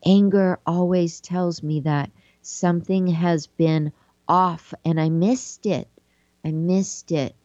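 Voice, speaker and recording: A woman with a lowish, mellow voice reads from a book and adds her own gentle reflections, taking her time over every phrase. The recording is dry and a little dull and lo-fi. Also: steady tone, slow pace, dry recording. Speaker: podcast host. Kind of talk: reading aloud with reflective commentary.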